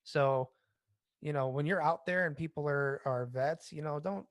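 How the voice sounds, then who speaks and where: A man's voice: on the high side, dry recording. Casting note: male veteran co-host, loose and rambling, dry close mic. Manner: rambling, halting restarts, mild cursing. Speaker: podcast co-host and military veteran. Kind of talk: casual podcast chat.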